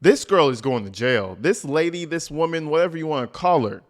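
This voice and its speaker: A man giving casual video commentary, talking in a slangy, emphatic, animated way. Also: fairly high pitch, a little fast. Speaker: commentary YouTuber.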